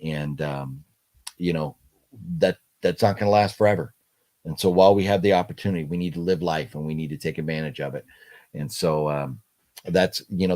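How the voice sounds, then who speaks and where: A middle-aged livestream host chats casually in a low, slightly mellow voice. He speaks haltingly, with many fillers and restarts, as he reads viewer comments aloud.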